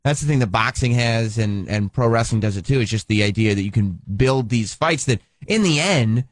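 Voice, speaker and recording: A male co-host trading casual banter in a radio studio, often laughing along. His voice sits at a middle pitch. The studio mic is close and dry. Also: animated, normal speed, no echo. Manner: chatty, laughs often, mimics people. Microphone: studio microphone.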